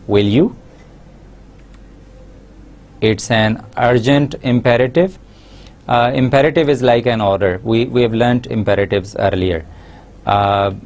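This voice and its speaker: A man giving a recorded university lesson, explaining slowly with many pauses and fillers. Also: medium pitch, a little mellow. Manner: slow, explanatory, frequent uh fillers. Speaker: English lecturer.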